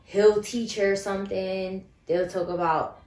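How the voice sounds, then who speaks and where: A woman speaking as an interview guest in casual family conversation, frank and animated, acting out quoted lines. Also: mid-range voice, unhurried. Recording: echoey room.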